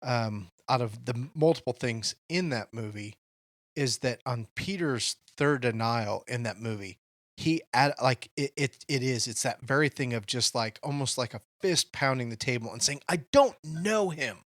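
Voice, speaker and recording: A man's voice: medium pitch, moderate pace, fairly bright tone, dry recording, studio quality. A man co-hosting a podcast, speaking in an earnest, reflective way in casual discussion. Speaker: podcast co-host.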